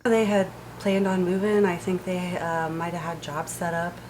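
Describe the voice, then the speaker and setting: A young woman answers casually in an interview and hedges as she goes. Her tone stays flat. Clear background noise runs under her voice. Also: on the low side, normal speed. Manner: casual, hedging with fillers.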